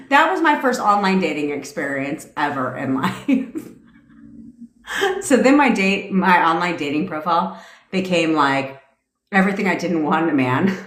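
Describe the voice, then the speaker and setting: A middle-aged woman rants on a casual livestream, cursing freely and laughing through her story. Her voice sits low but leaps up and down with energy. The room around her rings with echo. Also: fairly bright tone. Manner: blunt, profane, laughs often. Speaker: manifestation coach on a livestream.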